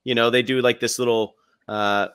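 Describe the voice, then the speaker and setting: A man in his forties co-hosting a relaxed podcast chat, telling stories with energy and breaking into laughter along the way. His voice sits at an ordinary pitch and is recorded dry and close, with no room sound. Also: moderate pace, smooth, dry recording. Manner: animated storyteller, laughs while telling. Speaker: podcast co-host. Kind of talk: casual chat.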